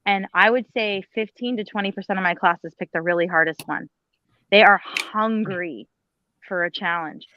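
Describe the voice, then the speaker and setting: A woman's voice: mid-range voice, moderate pace, dull audio. A woman, a former teacher, speaking on a panel in an emphatic, pleading, blunt way with some mild swearing. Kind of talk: impassioned panel talk.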